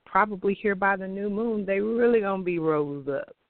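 A passionate, expressive man delivers his weekly astrology forecast, laughing easily as he talks. His voice sits fairly high for a man. The sound is tinny and phone-like, with a dry, close feel. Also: moderate pace, no echo.

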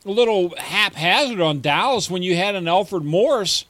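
A male fantasy football co-host who banters casually and jokes around. His voice is high and bright. The sound is dry and close. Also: lively intonation, normal speed, no echo. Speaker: fantasy sports show co-host. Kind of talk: casual sports talk.

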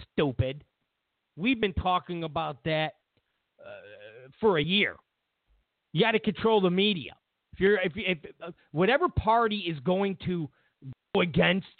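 A man delivers political commentary with a lively pitch that jumps all over the place, incredulous and repetitive. The sound is thin and phone-like, with a dry, close feel. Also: dry recording. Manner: animated, incredulous, repeats himself. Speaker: host.

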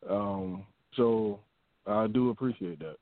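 Slow-talking male host on a phone line. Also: on the low side, no echo. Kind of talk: casual chat.

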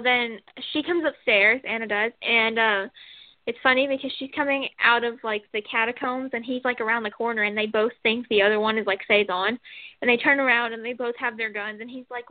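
A chatty woman retells scenes in a rambling, animated way, full of fillers. Her voice sits a little high, and it comes through a thin, phone-like line with a dry sound. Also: a little fast, no echo. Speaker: co-host. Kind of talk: casual chat recapping soap scenes.

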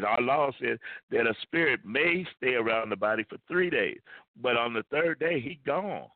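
A man's voice: medium pitch, expressive, moderate pace, no echo. A male pastor preaching a sermon with emphasis, repeating key phrases. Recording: tinny phone-like line, dry.

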